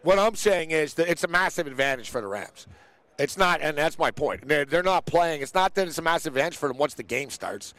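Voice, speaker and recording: A man's voice: a little high, expressive, fairly quick, fairly bright tone, dry recording. A man hosting a casual sports chat show, telling stories animatedly and acting out the people he quotes. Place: outdoors near a big event.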